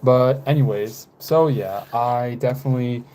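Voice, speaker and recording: A man in his twenties, chatting casually on a live stream, rambling with frequent fillers and halting pauses. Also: medium pitch, mellow, slight background noise. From United States. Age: 20s.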